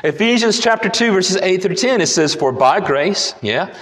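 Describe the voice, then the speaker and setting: A man's voice: high voice, animated, normal speed, fairly bright tone, big-room sound. A man preaching a sermon, emphatic and repeating key phrases, his voice rising and falling as he reads and explains scripture. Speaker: pastor.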